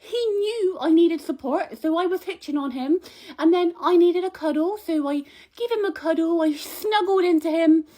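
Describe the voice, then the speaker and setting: A woman's voice: extremely high pitch, moderate pace, mellow. A young woman delivering a comic monologue to camera, chatty, indignant and rambling like she is gossiping. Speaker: comic vlogger.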